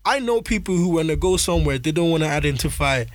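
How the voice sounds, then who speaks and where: Man, from Nigeria, high voice, dry sound, casual storytelling chat. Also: quick pace, dry recording. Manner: animated, acts out voices in stories.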